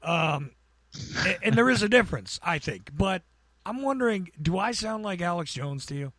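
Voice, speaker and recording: An American man with a gravelly, buzzing voice, chatting casually as a podcast guest and rambling with stammered restarts. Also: high-pitched, very animated, moderate pace, a bit bright, no room sound. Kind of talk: casual chat.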